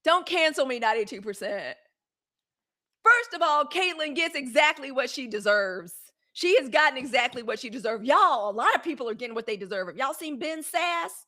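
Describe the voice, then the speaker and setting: A woman's voice: high voice, expressive, moderate pace, bright, forceful tone. A woman hosting a daily live news show, talking casually and bluntly to her viewers, chatty and outspoken with frank, profane rants. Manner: chatty, outspoken, addresses viewers as y'all and girl. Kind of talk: casual live-stream commentary.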